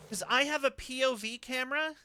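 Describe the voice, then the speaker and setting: A man's voice: very high voice, fairly quick, sharp tone, slight background noise. A young man streaming a game, talking in a rambling, chatty way and laughing between thoughts. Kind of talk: casual game commentary.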